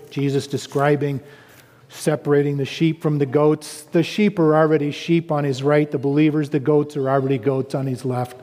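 A man preaching a sermon, animated and storytelling, rising to emphatic quotes. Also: on the high side, in a large hall.

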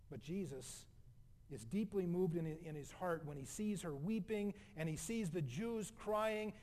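A middle-aged male pastor preaching a sermon, swinging between loud emphatic lines and soft, hushed passages. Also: sits high.

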